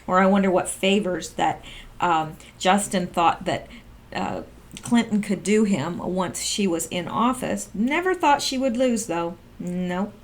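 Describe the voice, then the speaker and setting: A woman's voice: on the low side, lively intonation, unhurried. Sarcastic woman reading and reacting. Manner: sarcastic, exclaims and reacts while reading figures. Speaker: political commentary vlogger. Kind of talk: casual commentary reading documents aloud.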